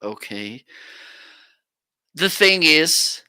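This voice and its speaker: Slow, bright-voiced man demoing microphones. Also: on the high side, big pitch swings, clear, resonant tone. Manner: casual, explanatory, trying out microphones on air. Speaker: product reviewer. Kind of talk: live-stream product demo. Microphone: studio microphones on a boom arm.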